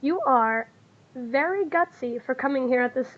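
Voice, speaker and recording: A poised older hostess speaks with polished, teasing ease, as a woman game master voices her. The voice sits high and light. It comes through a dull, lo-fi voice call. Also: lively intonation, normal speed.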